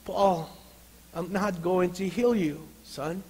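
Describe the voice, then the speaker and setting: A man voicing a gentle but firm fatherly divine figure who speaks softly and reassuringly. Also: high-pitched, husky, big-room sound, exaggerated voice. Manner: soft, slow and reassuring.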